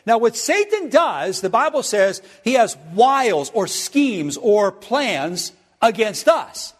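High-voiced man preaching, emphatic, keeps asking "you with me", echoey church hall. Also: sing-song, slow. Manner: emphatic, checks in with the crowd, spells out words. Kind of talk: sermon.

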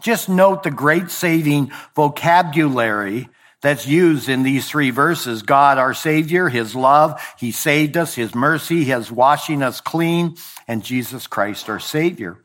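A man preaching a sermon deliberately, slowing on key phrases and dropping low at the ends of lines, with the odd slip he corrects. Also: fairly bright tone. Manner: occasional verbal slips and self-corrections. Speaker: pastor.

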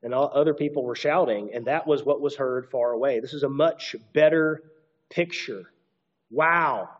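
A man's voice: medium pitch, normal speed, muffled recording. A man preaching an expository sermon, reading scripture aloud and adding conversational asides. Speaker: pastor.

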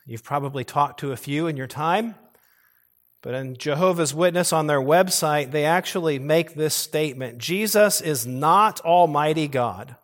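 A male pastor preaching a sermon earnestly, pressing hard on key words and now and then restarting a phrase. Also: fairly high pitch. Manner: occasional restarts and repeated phrases.

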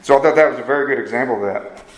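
A man's voice: medium pitch, racing, slight background noise. A man preaching a sermon in a conversational way, often turning to his listeners with questions. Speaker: pastor. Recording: echoey room.

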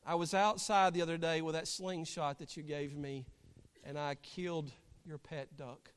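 A man's voice: on the high side, fairly even intonation, moderate pace, clear, resonant tone, close to an everyday voice. A remorseful young boy confessing, as a preacher puts him on. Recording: long hall reverb.

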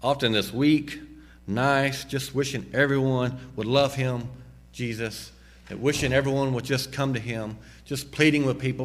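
A man preaching a sermon, slowing down and dropping low on key phrases and rising sharply when he exhorts. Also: steady tone. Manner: emphatic, slows and drops low on key phrases; rises sharply in pitch and volume when exhorting. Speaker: pastor.

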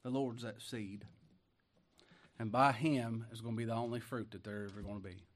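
A man preaching a sermon who reads scripture loudly and slowly, then drops to quiet asides and rhetorical questions in a folksy way. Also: steady tone. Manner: swings from loud, slow scripture reading to quiet, low asides.

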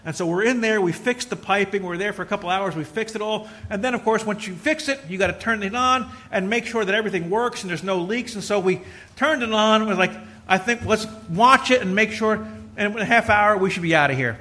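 Middle-aged preacher, bright forceful tone, tells folksy stories, preaches with emphasis. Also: male voice, sits high, fairly quick, hardly any pauses. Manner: conversational, storytelling, builds to emphatic preaching. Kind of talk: folksy sermon with personal stories.

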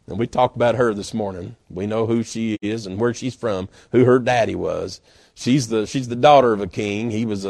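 A guest pastor, preaching a sermon in a folksy, animated storytelling manner. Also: male voice, mid-range voice, no echo, studio quality. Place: church.

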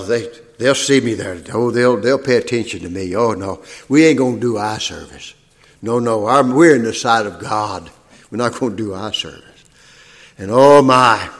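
A man preaching a sermon in a church, folksy and plain-spoken, building into loud, high-pitched preaching. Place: church sanctuary. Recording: long reverb of a church hall.

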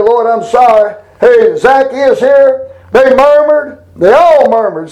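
High-voiced folksy preacher man. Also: a little mellow, poor audio. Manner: folksy, emphatic, reads scripture aloud with rising pitch. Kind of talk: informal Bible teaching.

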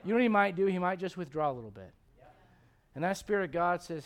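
In church, a middle-aged pastor preaches to his congregation in a high, fast voice. He's animated and jokes with the crowd, quoting God and various people in playful voices.

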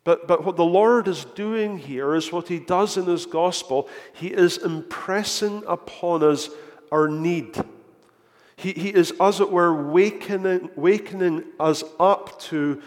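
A man's voice: sits high, measured pace. A man preaching a sermon in earnest tones, often repeating words as he builds a point, recorded in a church. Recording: echoey hall.

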